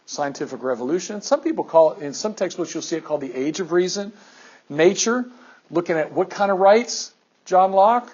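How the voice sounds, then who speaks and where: A man teacher giving an animated classroom lecture, firing questions at his students. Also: high voice, moderate pace, lo-fi sound.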